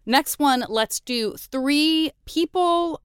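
A woman's voice: high-pitched, extremely slow, no room sound, studio quality. A woman hosting a casual podcast interview, talking with effusive enthusiasm. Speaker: podcast host.

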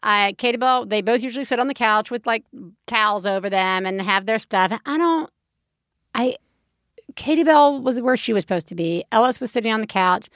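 A woman in her thirties co-hosts a podcast in a casual, chatty way. She tells stories with animation and acts out her own shrill yelling. Her voice sits fairly high and is recorded dry and close. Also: moderate pace, no room sound. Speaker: podcast co-host. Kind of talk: casual chat.

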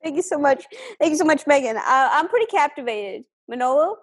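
A woman co-hosting a comedy podcast over a call, chatty and quick to keep the conversation moving. Her voice sits a little high. She also reads sponsor copy in the same casual tone. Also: lively intonation. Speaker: podcast co-host. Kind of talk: casual comedic chat and ad reading. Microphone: remote call microphone.

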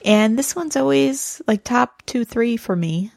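A woman's voice: a little high, a little slow, creaky, a little mellow. A woman with a Midwestern accent co-hosting a podcast, amused and easygoing in casual chat. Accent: Midwestern American. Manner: amused, easygoing, laughs often. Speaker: podcast co-host.

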